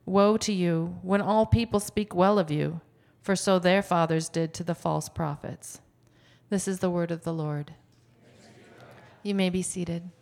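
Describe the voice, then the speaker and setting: A woman giving a formal, measured reading of scripture at a church service. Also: fairly low pitch, steady tone, gravelly, a little mellow. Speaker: scripture reader. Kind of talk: liturgical reading.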